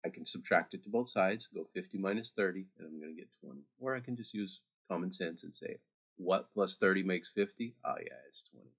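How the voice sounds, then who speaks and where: A man's voice: low voice, fairly quick, vocal fry, a bit bright, breathy edge. A man teaching math over a screen recording, chatty and talking straight to his students with little asides.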